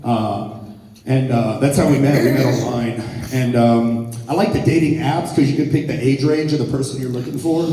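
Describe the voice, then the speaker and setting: Brash comic in a big echoey hall. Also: male voice, mid-range voice, moderate pace, dark tone, far from the mic, a little hiss or hum. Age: 40s. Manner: brash, crude storytelling to a crowd. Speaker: stand-up comedian. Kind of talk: live stand-up set. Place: theater stage.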